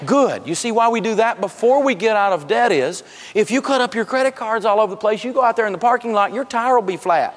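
A man's voice: sits high, lively intonation, quick pace. A man teaching a live personal finance seminar, telling funny stories and laughing through his jokes as he drives home his points. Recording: long hall reverb.

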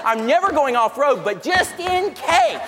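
A man's voice: very high voice, expressive, measured pace, very noisy, pitched above the performer's own voice, exaggerated voice. A man doing a burly guy whining for a truck. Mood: whiny. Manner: whiny, self-justifying. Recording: long echo of a large hall.

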